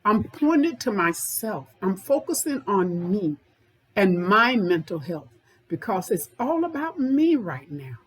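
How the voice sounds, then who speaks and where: A woman's voice: mid-range voice, very animated, slow, husky, poor audio. A woman anger management therapist giving an informal self-help talk, speaking directly to viewers and repeating points for emphasis.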